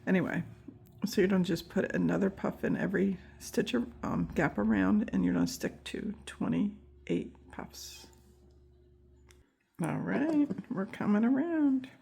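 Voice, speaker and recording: A woman walks viewers through a crochet pattern, counting each stitch aloud and adding friendly asides. Her voice is husky with a gravelly edge, and she talks at an unhurried, slow pace. She has the hiccups. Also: mid-range voice, big pitch swings, mellow. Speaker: crochet instructor. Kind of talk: step-by-step craft tutorial.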